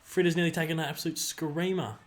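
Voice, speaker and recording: An excitable man with an Australian accent hosts a livestream, chatting casually while he cheers and groans at the players in a football match. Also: a little high, quick pace. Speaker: livestream host. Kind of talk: live watch-along commentary and chat reading.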